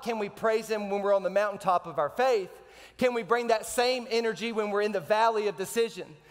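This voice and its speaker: A man preaching a sermon as pastor, animated and joking between slow scripture readings. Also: high-pitched, in a large hall. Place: church sanctuary.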